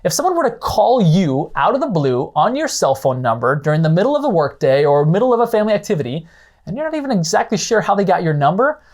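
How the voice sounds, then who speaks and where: A man's voice: on the high side, a little mellow. A man explaining real estate leads and referrals as a coach, acting out short phone calls as examples. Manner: explanatory, slightly dramatized role-play of callers. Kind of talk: instructional talk with acted phone-call examples.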